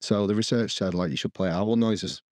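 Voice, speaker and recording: A podcast co-host tells a rambling story full of restarts in casual chat, swearing and laughing along the way. His voice is fairly low and darkish, at a normal speed, in clean studio sound with no room sound.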